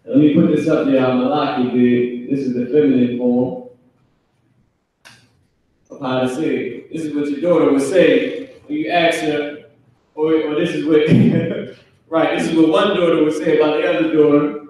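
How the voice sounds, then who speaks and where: A man teaches a relaxed class, talking loosely and acting out little family scenes in other voices. His voice is a touch high for a man. It sounds boomy and echoey, as if he is standing away from the mic in a big bare room. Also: moderate pace, long pauses, recorded from a distance. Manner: casual, conversational, acts out family scenarios in character voices. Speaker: Hebrew language teacher. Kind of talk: casual live online class.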